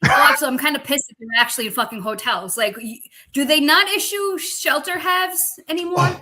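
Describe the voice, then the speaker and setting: A woman from Massachusetts with a Northeastern US accent, an Army veteran co-host in casual chat, blunt, profane and quick to laugh, on a video call mic. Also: high-pitched, pushed and bright.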